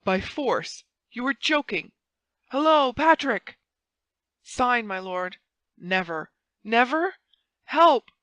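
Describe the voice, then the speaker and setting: A woman's voice: mid-range voice, lively intonation, slow, few pauses, pushed and bright, no echo. A woman voicing a haughty, imperious noble duke who speaks with proud indignation. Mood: indignant.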